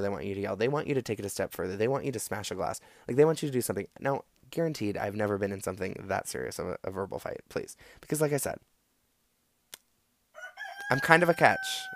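A man's voice: on the low side, creaky, dry recording. A man hosting a casual solo talk show, giving advice in a rambling, sarcastic way with lots of fillers and restarts. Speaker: podcast host.

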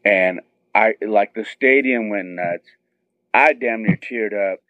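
Excited storyteller man on a phone line. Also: slow pace, dry recording. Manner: excited, acts out quotes with high squeals. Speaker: guest telling a story. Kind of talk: animated storytelling. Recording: tinny phone-line sound.

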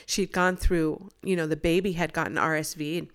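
Speaking briskly in a low, clean-toned voice, a middle-aged guest recounts her own faith story in a relaxed way. She's animated, voicing the words of the other people in it.

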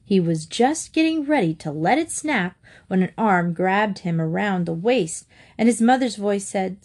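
A woman narrating a children's storybook aloud in a clear, steady storytelling manner. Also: mid-range voice, measured pace.

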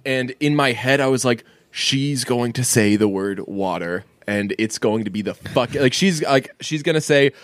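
A man's voice: medium pitch, normal speed, few pauses, fairly bright tone, dry recording. A man co-hosting a podcast, chatting casually, rambling and swearing, laughing often. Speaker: podcast co-host.

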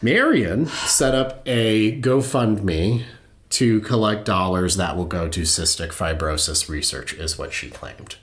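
Low-voiced man telling a story in a roomy space. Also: takes it slowly, a bit bright. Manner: loose and conversational, many fillers, laughs easily. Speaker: podcast host. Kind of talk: casual true-crime storytelling.

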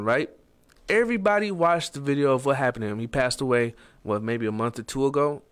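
A man delivering a blunt, preachy motivational monologue, cursing freely and jumping to loud emphatic peaks. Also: medium pitch.

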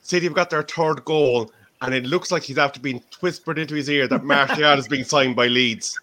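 A man's voice: medium pitch, moderate pace, pushed and bright. A man on a casual podcast panel, making wry, jokey asides. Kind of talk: casual chat.

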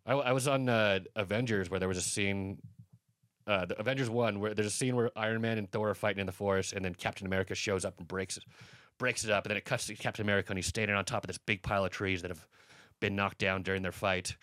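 A man's voice: on the low side, steady tone, fast talker, fairly bright tone, no room sound. A man from the US East Coast telling rambling, profanity-laced stories in casual podcast chat, full of fillers. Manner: rambling anecdotes, heavy swearing, many fillers.

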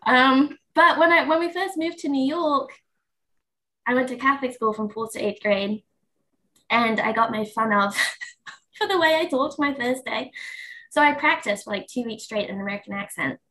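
Bright English-accented woman guest. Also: sits high, normal speed. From England. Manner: self-deprecating, laughs easily. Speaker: podcast guest, dietitian. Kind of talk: casual podcast interview.

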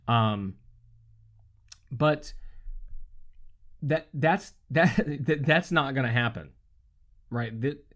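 Conversational man preaching a sermon. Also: mid-range voice. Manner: conversational, many rhetorical "right?" asides. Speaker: pastor.

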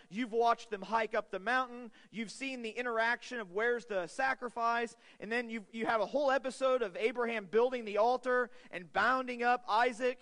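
High-voiced man preaching in a big hall. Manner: earnest, builds to loud urgent peaks then drops quiet. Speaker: pastor. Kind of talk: sermon. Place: church sanctuary. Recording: long hall reverb.

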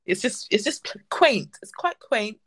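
A woman's voice: a little high, sing-song, unhurried, a bit bright, husky, low-quality recording. A woman hosting a casual chat show, gushing and often repeating her words. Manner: effusive, repeats herself. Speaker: host.

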